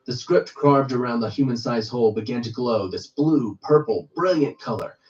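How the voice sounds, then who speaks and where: A man reading a first-person horror story aloud in steady storytelling narration. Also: mid-range voice, moderate pace, recorded from a distance, highs cut off.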